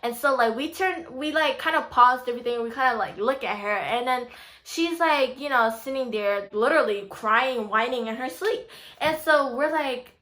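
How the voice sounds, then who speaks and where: A bright, crisp-sounding young woman in her twenties, chatting to camera in a casual storytime vlog. She talks in a loose, rambling way, full of "like" and "you know." She grows animated when she voices what her family said, and she sits a little higher in pitch than most women. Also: normal speed. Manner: animated, voices the quoted family with rising excitement. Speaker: YouTuber.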